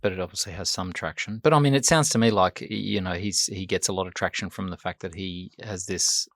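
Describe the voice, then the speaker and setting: Skeptical man with a lowish voice. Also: brisk, a bit bright, no echo, studio quality. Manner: skeptical, questioning, interrupts with doubts. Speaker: podcast co-host. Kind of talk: casual discussion.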